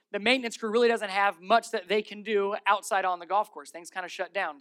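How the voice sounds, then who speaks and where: Animated male pastor preaching a sermon. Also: sits high, clean tone. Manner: animated storytelling, repeats key phrases, asks the congregation questions. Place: church.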